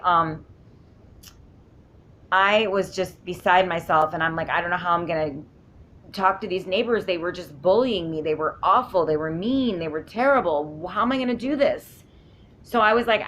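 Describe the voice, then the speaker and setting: A woman's voice: low-pitched, a bit bright. A woman vlogging from home, telling a long story in a rambling, emphatic way and often interrupting herself. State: sleep-deprived. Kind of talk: casual storytelling vlog.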